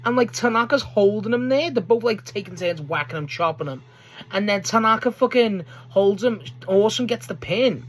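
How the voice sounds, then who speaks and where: A young man, recapping a wrestling match in casual chat, excitable and swearing often. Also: sits high, normal speed. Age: young adult. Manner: excitable, swears a lot, acts out promo quotes. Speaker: wrestling video host.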